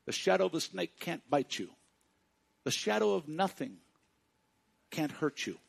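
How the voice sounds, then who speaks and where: A man preaching a sermon to his congregation, speaking directly to them and swinging between hushed and loud passages. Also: fairly high pitch, very animated, unhurried, vocal fry, breathy edge. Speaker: pastor.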